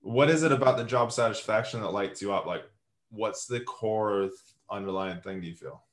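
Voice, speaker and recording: A man's voice: fairly low pitch, normal speed. A man hosting a casual interview, asking long questions with many restarts. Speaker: podcast host.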